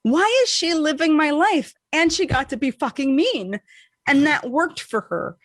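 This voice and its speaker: A woman podcast co-host telling a casual, animated story, swearing freely and acting out what people said. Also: a little slow, no echo, studio quality. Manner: animated, profane, acts out quotes with big pitch swings.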